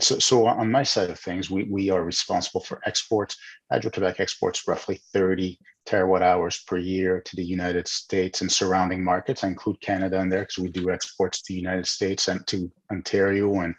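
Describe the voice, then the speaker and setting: Husky low-voiced man in an interview. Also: steady tone, fairly quick, low-quality recording. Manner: explanatory, with repeated words and restarts. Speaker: guest, utility executive. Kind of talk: interview answers over video call.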